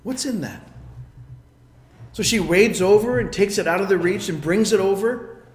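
A man's voice: high voice, fairly quick, roomy sound, long reverb tail. A man preaching a sermon, telling a story and acting out the characters' lines.

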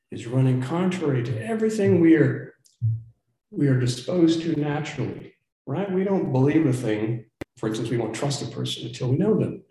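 A man preaches as a pastor in a medium-pitched, dark-toned voice, recorded in a very echoey church room. He is earnest and emphatic, sometimes stumbling and repeating words as he presses his point.

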